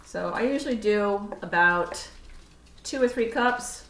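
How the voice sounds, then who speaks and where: A woman's voice: medium pitch, measured pace. A woman walks through a recipe at her stove in a loose, chatty way, correcting herself and talking to herself as she goes. She sounds roomy and a bit far from the camera mic, with faint noise underneath. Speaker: cooking instructor. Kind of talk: casual cooking demonstration. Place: home kitchen.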